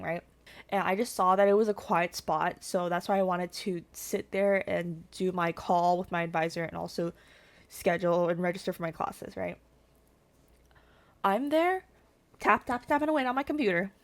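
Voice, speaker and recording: A woman in her twenties telling a story to her viewers as a VTuber, animated and swearing freely. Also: mid-range voice. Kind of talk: casual storytime.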